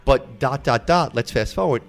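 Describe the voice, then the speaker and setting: A man in his thirties hosting a podcast, telling stories in an animated, profane way and acting out the quotes in casual chat. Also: mid-range voice, normal speed. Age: 30s. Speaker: podcast host.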